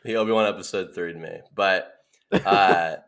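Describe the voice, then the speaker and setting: A young man with a fairly low speaking voice trades childhood stories on a casual podcast. He laughs often and jumps up into a high voice to act out what he said. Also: moderate pace. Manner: animated storyteller, laughing often, acting out quotes in a high voice. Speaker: podcast co-host. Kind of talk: casual chat.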